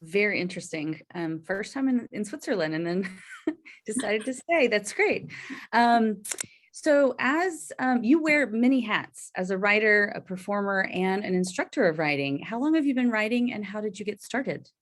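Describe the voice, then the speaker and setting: A woman's voice: medium pitch, expressive, normal speed, a little hiss or hum. A woman moderates an online book discussion, speaking over a video call. Her voice sits in a middle range and her introductions are loose and easygoing, with plenty of ums along the way. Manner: friendly, with frequent ums. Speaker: webinar host. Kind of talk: moderating a virtual book talk.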